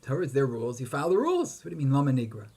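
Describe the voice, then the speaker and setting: A man's voice: medium pitch, huge pitch swings, rapid-fire, warm tone, slightly rough. A man giving a Torah lecture, posing questions and chanting Hebrew verses with emphasis. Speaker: rabbi teaching Torah.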